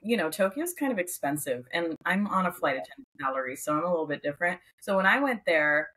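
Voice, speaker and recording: Husky young woman chatting animatedly. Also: fairly low pitch, quick pace, rough recording. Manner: animated, rambling, casual swearing. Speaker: guest, flight attendant. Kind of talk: casual chat.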